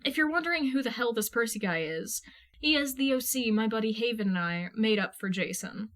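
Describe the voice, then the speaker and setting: A woman reading fan fiction aloud in a casual, lively manner, swearing freely. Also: a little high, a little fast. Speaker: podfic reader. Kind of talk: fan fiction audiobook narration.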